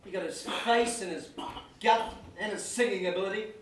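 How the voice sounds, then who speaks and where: An actress playing a cheeky, mocking sibling in a stage comedy. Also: female voice, medium pitch, moderate pace, a crowd in the background, natural voice. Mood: teasing. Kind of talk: stage play acting. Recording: echoey theatre from far off, faint noise.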